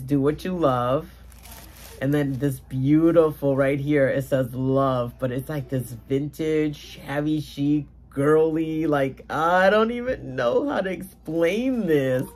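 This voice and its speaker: A woman's voice: low-pitched, darkish tone. Gushing, tearful woman vlogger. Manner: gushing, emotional, exclaims often. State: tearful at times. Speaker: vlogger hosting a giveaway challenge. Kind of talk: casual unboxing vlog.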